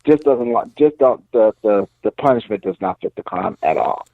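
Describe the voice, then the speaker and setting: A man co-hosting a combat sports podcast in casual chat, emphatic and quick to laugh and react. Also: medium pitch, lively intonation, creaky, no room sound. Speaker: podcast co-host. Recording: slightly dull, lo-fi sound.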